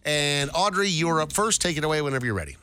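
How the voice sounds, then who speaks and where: A man hosting a radio show game in a brisk, upbeat quizmaster manner. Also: a little high, lively intonation, bright, forceful tone, clean tone.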